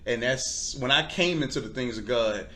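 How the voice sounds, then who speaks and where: A man telling a personal faith testimony in conversation, earnest and halting, with frequent restarts. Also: mid-range voice, bright, forceful tone. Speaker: guest.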